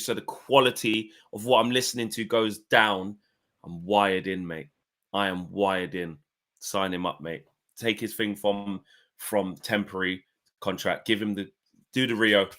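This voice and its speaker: A man's voice: fairly low pitch, sharp tone. A man in his thirties co-hosting a casual chat show, bantering and calling his co-host "mate". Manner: chatty, banter-heavy, repeats "mate".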